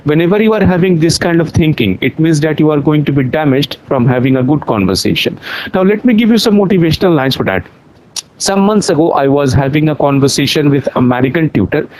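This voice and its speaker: A young adult man from India, an English teacher with an Indian accent, answers interview questions earnestly, explaining things and repeating his points. His voice is a little high, expressive, brisk and a bit mellow, and the recording quality is low.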